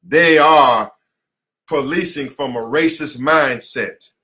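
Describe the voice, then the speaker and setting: A man's voice: mid-range voice, slow pace, sharp tone. An American man, an attorney, giving an impassioned lecture at his headquarters, preachy and emphatic, repeating slogans. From United States. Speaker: attorney teaching a class. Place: his office headquarters, indoors.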